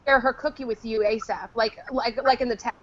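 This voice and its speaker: A woman's voice: on the high side, fairly even intonation, brisk, a bit bright, highs cut off. A woman co-hosting a casual podcast chat, teasing and crude, laughing often. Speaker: podcast co-host.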